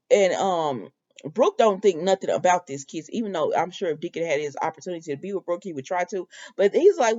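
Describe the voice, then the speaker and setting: A woman's voice: mid-range voice, a little mellow, dull audio. Chatty woman recapping a soap. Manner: chatty, many fillers, quotes characters in her own voice. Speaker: soap opera reviewer. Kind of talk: casual recap chat.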